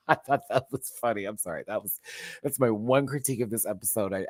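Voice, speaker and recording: A woman's voice: very deep voice, fairly bright tone, no room sound. A woman hosting a live recap show, ranting casually and expressively, laughing often and swearing freely.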